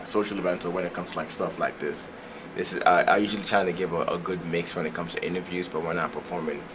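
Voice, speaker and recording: A young man from Nigeria talks loosely and rambles as a guest on a radio chat show. His voice sits very low. There is a steady hiss under the recording. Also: fast talker. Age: young adult. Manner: loose, rambling, laughs loudly. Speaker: guest performer.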